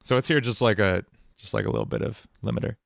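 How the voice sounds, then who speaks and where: A man's voice: fairly low pitch, sing-song, quick pace, vocal fry, no echo. Guy chatting on his music stream from the basement, joking around, dry close mic. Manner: jokey, laughs often, self-mocking. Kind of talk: casual livestream chat. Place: home basement studio.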